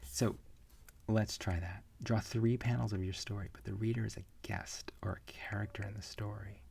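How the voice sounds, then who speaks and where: A man teaching an online comics class in a relaxed, rambling way, with frequent fillers. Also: lowish voice, normal speed, creaky, husky. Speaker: comics instructor. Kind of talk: online lecture.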